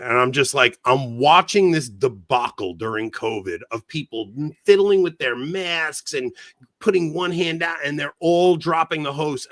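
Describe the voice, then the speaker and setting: A middle-aged man on a casual podcast, telling an animated story that grows heated. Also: a little high, no room sound. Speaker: podcast co-host.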